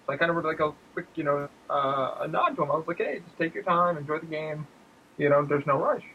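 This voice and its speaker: A male co-host on a casual gaming podcast tells stories animatedly, acting out quotes in squealing high voices and swearing a lot. He talks fast, and the audio is phone quality with slight background noise.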